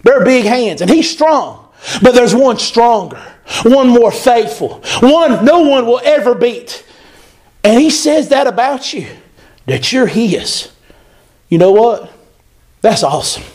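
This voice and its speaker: Male pastor, very high voice, animated emphatic sermon delivery. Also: slow pace. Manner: animated, emphatic preaching with repetition.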